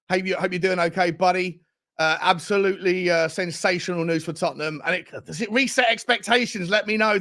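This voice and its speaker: Excitable English football fan host. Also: male voice, high-pitched. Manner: excitable, laughs a lot, shouts out chat names. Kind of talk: casual live-stream chat.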